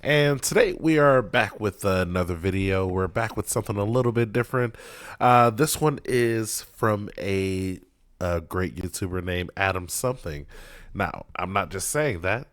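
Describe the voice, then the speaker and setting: A man's voice: lowish voice, a little slow, a bit bright, no echo, clean studio sound. A man in his thirties hosting a reaction video, talking casually in a rambling, jokey way with lots of fillers. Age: 30s.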